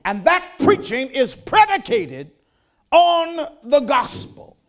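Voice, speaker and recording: This older man's sermon unfolds at an unhurried pace, moving from homespun conversation to forceful, emphatic preaching. His high-pitched voice swings through a broad, lively range.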